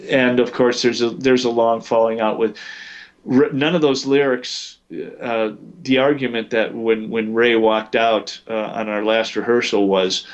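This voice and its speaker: A man's voice: mid-range voice, highs cut off. A man telling long anecdotes as an interview guest, full of fillers and restarts. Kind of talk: storytelling in a podcast interview.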